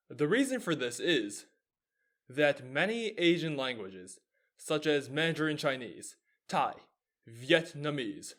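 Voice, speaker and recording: A man's voice: a little high, a bit bright. A young man with an American accent hosting his own video show, explaining in an upbeat, lecturing way. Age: young adult. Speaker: host. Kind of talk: lively explanatory video talk.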